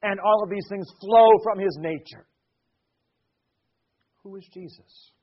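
A man's voice: high voice, unhurried, husky, lo-fi sound. A man preaching a sermon. His cadence rises and falls, and he repeats words as he builds a point. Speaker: pastor.

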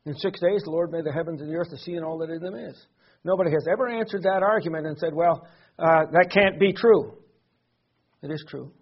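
Male preacher, high husky voice, earnest teaching sermon, dull lo-fi recording. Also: fast. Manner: earnest teaching with frequent fillers and repeated words.

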